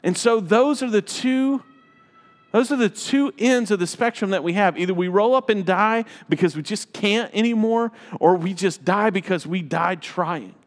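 A man's voice: high voice, normal speed, big-room sound. A man preaching a sermon as a pastor, emphatic and repeating phrases for effect.

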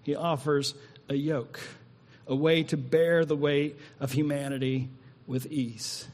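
Male pastor, fairly high voice, slow prayerful sermon delivery, long church reverb, music under. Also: flat delivery, a little mellow. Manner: slow, drawn-out reading and prayer with long pauses. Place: church hall.

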